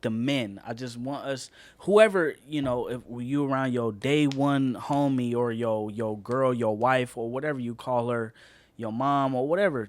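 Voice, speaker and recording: A man's voice: mid-range voice, no echo. A man co-hosting a casual podcast, ranting passionately and swearing a lot. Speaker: podcast co-host.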